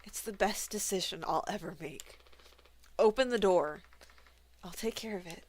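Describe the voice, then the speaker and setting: A woman voicing a resigned young crewwoman who speaks in a soft, low, measured way. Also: close to an everyday voice.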